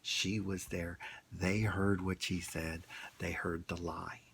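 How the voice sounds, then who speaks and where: Slow, gravelly low-voiced man ranting. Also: flat delivery, fairly bright tone, a little hiss or hum. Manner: ranting, blunt, rambling. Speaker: vlogger. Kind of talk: casual opinion monologue.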